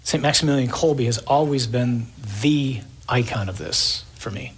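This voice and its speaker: A man delivering an evening sermon in a husky, breathy voice. He talks with drama, stacking emphatic lists and acting out the scene for his listeners. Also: medium pitch, a little slow. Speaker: preacher.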